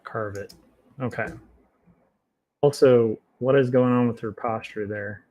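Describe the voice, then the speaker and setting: Slow, easygoing man thinking aloud. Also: mid-range voice, lo-fi sound. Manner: thinks aloud, relaxed and self-mocking. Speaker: comic artist streaming his work. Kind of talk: casual livestream commentary while drawing.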